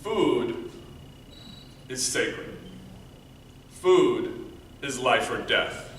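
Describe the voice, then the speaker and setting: A man giving a prepared storytelling speech at a speech contest, earnest, moving between loud emphasis and quiet, hushed passages. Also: medium pitch, animated, very slow. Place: meeting room before an audience. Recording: echoey room, mic from far off, faint noise.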